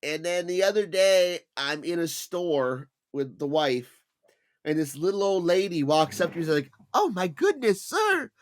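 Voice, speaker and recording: A man's voice: fairly high pitch, moderate pace, smooth. A middle-aged man co-hosting a casual comedy podcast, telling stories with lots of animation and mocking voices. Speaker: podcast co-host.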